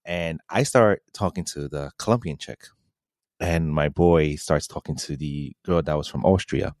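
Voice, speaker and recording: Man, very low voice, dry sound, casual storytelling, relaxed, laughs a lot. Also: unhurried, dry recording. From New York City. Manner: laid-back, laughs often, quotes friends. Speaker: podcast co-host.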